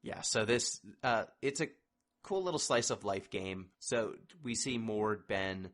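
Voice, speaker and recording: A man's voice: on the low side, expressive, unhurried, a bit bright. A man hosting a casual podcast chat about a video game, wry and discursive as he steers the talk. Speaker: podcast host.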